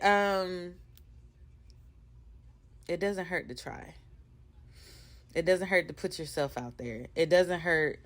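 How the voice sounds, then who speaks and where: A woman's voice: lowish voice, fairly bright tone. A woman hosting her own podcast, talking casually and candidly to her listeners, rambling and laughing at herself. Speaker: podcast host. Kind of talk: casual motivational monologue.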